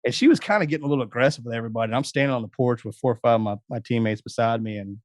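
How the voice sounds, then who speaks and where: A man's voice: mid-range voice, very fast, no echo. Man telling folksy stories, dry sound. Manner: folksy, anecdotal storyteller. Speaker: guest. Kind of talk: casual storytelling.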